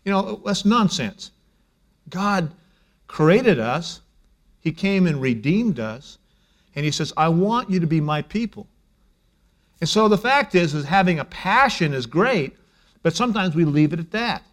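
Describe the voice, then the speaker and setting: Conversational preaching man, fairly high voice. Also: lively intonation, unhurried, pauses often. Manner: conversational preaching, shifts between hushed and emphatic. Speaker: pastor. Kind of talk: sermon.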